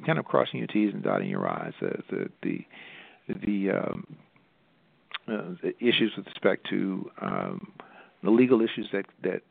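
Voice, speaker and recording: A low, gravelly man speaking over a thin, tinny phone line. He talks haltingly, with lots of restarts and fillers, as he explains his organization's work. The sound is dry and close, with no room around it. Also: no room sound. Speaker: nonprofit representative.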